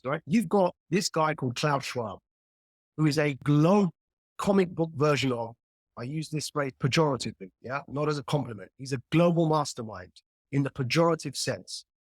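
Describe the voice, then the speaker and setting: A male guest commentator on a video call makes emphatic, animated arguments, stacking analogies and repeating himself for effect. He has a fairly high, lively voice at a moderate pace, captured cleanly in studio quality with no room sound.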